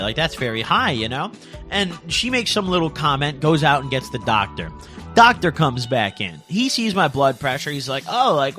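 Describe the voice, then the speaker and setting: Animated young man telling a wild story. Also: on the high side. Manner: animated, slangy, keeps tagging lines with "bro" and "dude". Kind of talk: casual comic storytelling.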